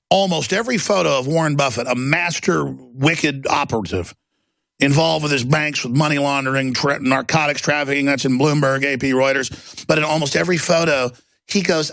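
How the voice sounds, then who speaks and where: A man's voice: a little high, moderate pace, gravelly, a bit bright, no room sound. A male talk show host delivering an impassioned, rambling, theatrical rant. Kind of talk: ranting monologue.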